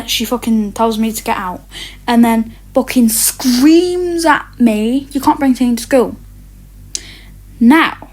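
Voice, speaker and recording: A teenager telling stories in a rambling rant, swearing often and stumbling over many fillers and restarts. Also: medium pitch. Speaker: vlogger. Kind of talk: ranting storytime.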